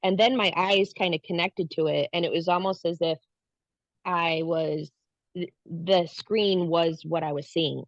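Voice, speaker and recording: A woman's voice: fairly low pitch, fairly even intonation, measured pace, no room sound. Woman earnestly retelling a spiritual story. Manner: earnest, acts out her own past lines. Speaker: guest recounting a spiritual experience. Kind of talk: casual personal storytelling. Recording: dull lo-fi, dry sound.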